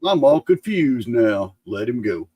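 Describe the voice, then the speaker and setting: A man's voice: medium pitch, wildly swooping pitch, unhurried, vocal fry, dark tone, slightly rough, no echo. A man chiming in with jokes during a casual podcast chat. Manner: joking interjections.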